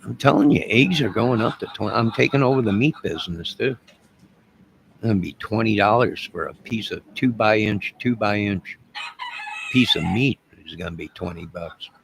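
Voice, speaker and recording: A man with a rough, gravelly voice pitched on the low side rants to his viewers in a rambling comic monologue. He drawls his boasts and mock threats, and a faint hiss sits under the voice. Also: normal speed. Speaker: online music and movie channel host.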